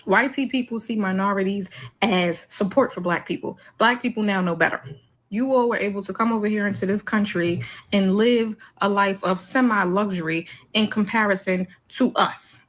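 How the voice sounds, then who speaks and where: A woman's voice: medium pitch, moderate pace, poor audio. A woman giving an emphatic opinion monologue, making numbered points in blunt, profane slang. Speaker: commentator.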